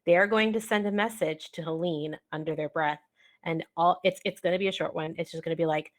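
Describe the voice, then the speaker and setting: A woman's voice: on the low side, fairly even intonation, fairly quick. A woman playing a tabletop game who explains her moves hesitantly, thinking aloud. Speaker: player. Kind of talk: casual tabletop play.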